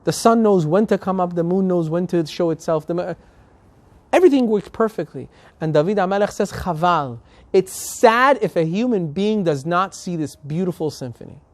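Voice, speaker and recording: A man's voice: sits high, animated, moderate pace, no echo. A male rabbi preaching a sermon and telling a story, emphatic and building to passionate appeals.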